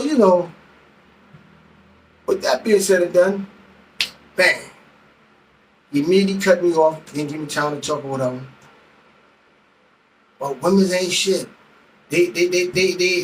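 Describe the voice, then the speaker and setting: A middle-aged male vlogger with a high voice vents heatedly in a monologue, recorded from a distance on poor audio. He tells a story laden with profanity, acting out both sides of an argument.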